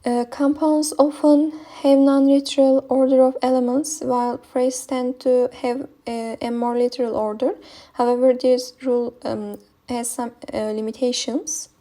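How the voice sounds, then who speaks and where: A young woman with a Turkish accent, speaking English as a non-native, reads a linguistics presentation unhurriedly in a high-pitched yet dark-toned voice. Her delivery is flat and hesitant, peppered with ums and uhs.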